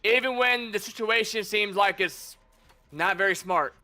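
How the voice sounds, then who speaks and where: With a sharp tone and a high-sitting voice, this streamer speaks unhurriedly as he plays, keeping up casual commentary and mockingly teasing the opponents he encounters.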